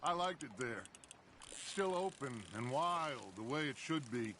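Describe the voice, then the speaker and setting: A man's voice: medium pitch, expressive, unhurried, bright, forceful tone, slight background noise. An actor playing a reflective male outlaw musing about the road in a video game. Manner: thoughtful, reflective.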